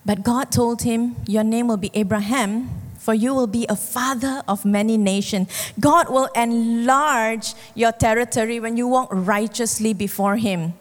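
A woman preaching a sermon, telling stories and acting out the characters with lively shifts of voice. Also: unhurried, few pauses. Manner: animated storytelling, acts out characters with shifting pitch. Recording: long hall reverb.

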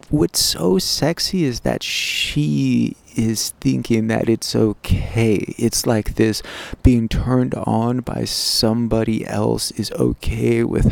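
A man speaks into an intimate personal audio diary, his voice dark and heavily gravelly. He talks slowly and haltingly, as if reflecting while he recalls. The sound is dry and close. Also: on the low side, dry recording. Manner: slow, halting, reflective recounting. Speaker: diarist. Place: outdoor garden.

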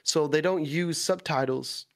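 A man's voice: a little high, unhurried, creaky. A man from the Netherlands, a native Dutch speaker, chatting on a podcast over an online call. He talks in long, winding explanations with plenty of fillers. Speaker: guest. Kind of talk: casual podcast chat.

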